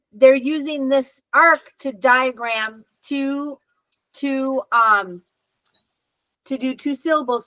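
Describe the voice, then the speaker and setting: Female teacher on a video call, fairly high voice, patient and explanatory, dry close recording. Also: a bit bright, no room sound, low-quality recording. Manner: patient, explanatory, with frequent "okay" check-ins. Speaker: Hebrew teacher. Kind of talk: online adult class instruction.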